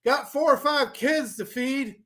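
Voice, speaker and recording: A man doing an impression of a fiery old-school male wrestler cutting a promo, preaching with drawn-out emphasis and a voice pushed far above his own. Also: very high voice, pushed and bright, pitched above the performer's own voice, full character voice.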